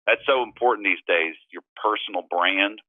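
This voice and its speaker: A man's voice: lowish voice, moderate pace, no room sound, lightly acted. A man on a phone call, putting on a glib, boastful politician for laughs. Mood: smug bluster. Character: smug man playing a hard-line politician. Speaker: caller. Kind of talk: comedy impression call-in. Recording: tinny dry phone line.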